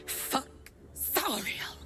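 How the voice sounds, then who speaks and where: An actress voicing a fiery, defiant female demon warrior who has escaped, in a video game, speaking with a gravelly voice. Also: extremely slow, music in the background. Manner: defiant, vows loudly.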